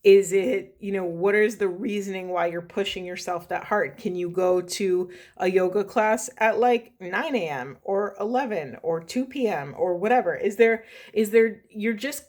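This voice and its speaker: Woman tarot reader, earnest and rambling, voice going hoarse, medium pitch, slows to repeat key phrases. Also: a little mellow. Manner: earnest, rambling, apologetic self-corrections; slow emphatic repetition of key phrases. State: losing her voice. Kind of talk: spiritual tarot reading monologue.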